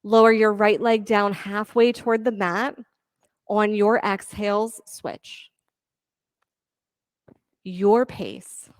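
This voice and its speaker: A woman leading a yoga class, calmly cueing moves and breaths and counting reps with encouragement. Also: mid-range voice, takes it slowly, no echo. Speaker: yoga instructor. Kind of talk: guided yoga class cues.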